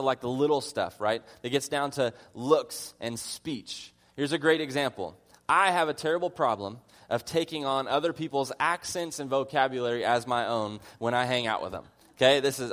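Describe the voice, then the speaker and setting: A man's voice: medium pitch, a bit bright. A man preaching a conversational sermon as a pastor, earnest in his teaching and mixing in humorous personal asides. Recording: long reverb of a large hall.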